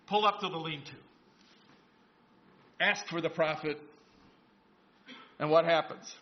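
High-voiced man preaching a sermon. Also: slow, dull audio. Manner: storytelling, voices biblical characters in asides; conversational, asks the congregation questions. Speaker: pastor.

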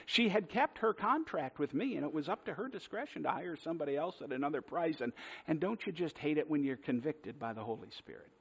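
A man's voice: fairly high pitch, expressive, brisk, gravelly, husky. A man preaching a sermon, telling a self-deprecating personal story in a conversational way. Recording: dull lo-fi sermon recording.

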